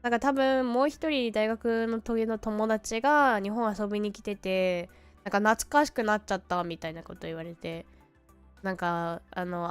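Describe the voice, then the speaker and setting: A woman's voice: medium pitch, fairly even intonation, fast, clear, resonant tone, faint music behind. A young woman streaming from home, chatting casually and telling rambling stories in a loose, laughing way. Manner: rambling storytelling with laughs and quoted voices.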